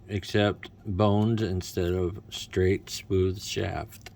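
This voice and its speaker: Gravelly-voiced man reviewing toys. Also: sits low, slow pace, long pauses, a little hiss or hum. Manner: wry, self-mocking asides. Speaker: toy reviewer. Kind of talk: casual unboxing commentary.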